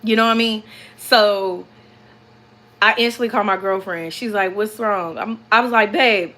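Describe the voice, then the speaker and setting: Sitting in the cab of her truck, a young vlogger tells her viewers a story at a moderate pace, animated and rambling, repeating herself and calling out to them. Her voice is bright, clear and middle-pitched, and her manner is casual.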